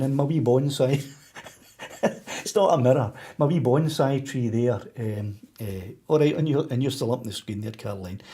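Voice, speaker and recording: A Scottish man hosting a casual live stream, chatting to viewers in a rambling, friendly way with frequent restarts and soft laughs. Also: mid-range voice. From Scotland. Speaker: YouTube drone channel host.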